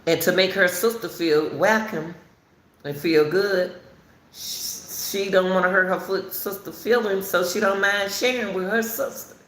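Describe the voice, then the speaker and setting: A woman's voice: mid-range voice, a little slow, fairly bright tone. A woman hosting casual spoken commentary on a case, talking repetitively and emphatically straight to her viewers. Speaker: commentary channel host. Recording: roomy echo, faint background noise.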